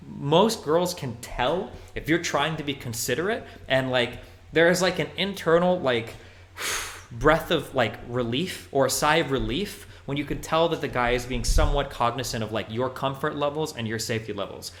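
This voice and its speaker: A man's voice: medium pitch, moderate pace, fairly bright tone. A male streamer giving casual livestream commentary, talking bluntly and profanely in a rambling way with many fillers.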